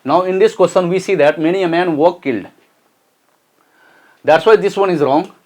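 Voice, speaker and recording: A man's voice: high voice, moderate pace, a little mellow. A man teaching English grammar for an entrance exam, explaining step by step, repeating phrases and checking in with "okay?". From Nepal. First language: Nepali. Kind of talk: exam-prep grammar lesson.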